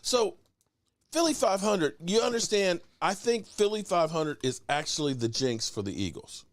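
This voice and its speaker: A man with a high, bouncing voice hosts a live sports talk stream. He is animated and teasing, and he calls out chat viewers by name. His voice sounds close and dry. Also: normal speed, no room sound. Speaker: sports show host.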